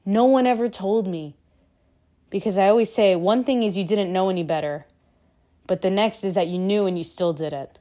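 A woman's voice: fairly low pitch, brisk, dark tone. A woman giving earnest, emphatic relationship advice straight to her viewers in a casual monologue. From Cuban heritage.

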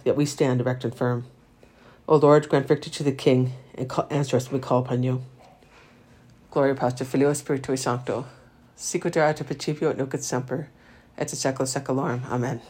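A man reciting the Divine Office, reading psalms and lessons in a steady liturgical recitation. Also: mid-range voice. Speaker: prayer leader.

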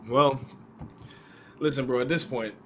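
A man's voice: medium pitch, steady tone, unhurried, noisy background. A young man co-hosting a podcast in casual chat, teasing his friends and laughing often. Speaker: podcast co-host.

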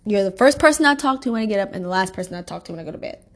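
A woman recounts a personal story in loose, casual talk. She rambles with frequent fillers and restarts. Her tone is emphatic and indignant, and her pitch sits in an ordinary middle range. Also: animated, racing.

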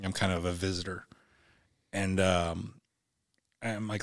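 A lowish-pitched man in his forties tells a personal story as a podcast guest. His voice is halting and often doubles back over words. The sound is close and dry, with no room echo. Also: flat delivery. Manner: halting, repeats words when emotional. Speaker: podcast guest, military veteran.

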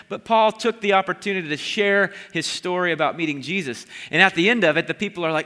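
A man preaching a sermon, retelling a Bible story in a lively storytelling way and briefly acting out the voices of the crowd. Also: high-pitched, fast, hardly any pauses. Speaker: pastor. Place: church sanctuary. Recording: long hall reverb.

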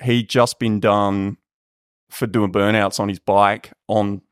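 A man's voice: on the low side, flat delivery, takes it slowly, smooth, no room sound, studio quality. A man hosting a podcast, chatting casually and rambling through his stories with plenty of ums. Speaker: podcast host. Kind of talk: casual chat.

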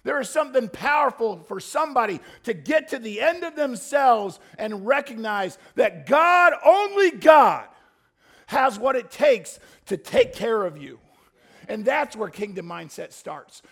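A man preaching a sermon to a congregation, talking casually and joking with them, then building up to fervent shouted pleas. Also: extremely high pitch, very animated, measured pace. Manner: swings from soft asides to fervent shouted pleading prayers. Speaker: pastor.

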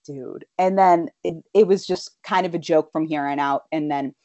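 Young woman rambling thru stories w lots of ums, lowish voice, kinda muffled and dry. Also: moderate pace, warm tone, no echo. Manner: rambling storyteller, many fillers. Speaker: guest. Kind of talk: casual chat.

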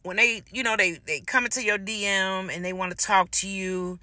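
A woman with a raspy voice telling stories in a casual monologue, blunt and profane, acting out both sides of each exchange. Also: mid-range voice, normal speed, hardly any pauses, no echo, clean studio sound. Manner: blunt, profane, animated storytelling. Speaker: podcast host.

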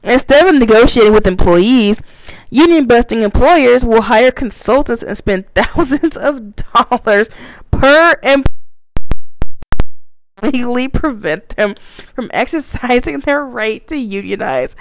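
On a dry recording, a woman with a higher-than-average voice takes her time. She's a commentator reading points and reacting, and her profane rant is lively, full of laughter, curses, and acted-out mocking confrontations.

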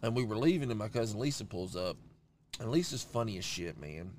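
Podcast host, man in his thirties, animated swooping delivery, relaxed storyteller, light hiss. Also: on the low side, fairly quick. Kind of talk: casual chat.

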